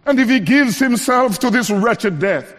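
A man preaching a sermon, rising to emphatic lines and dropping to quiet ones, slowing to stress key words. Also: animated, long reverb tail. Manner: preaching with wide swings between raised emphatic lines and low quiet ones; slows down to stress key phrases.

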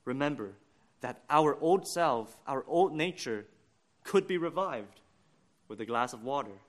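A man preaching a sermon, earnest and deliberate, building to emphatic points. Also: medium pitch, lively intonation.

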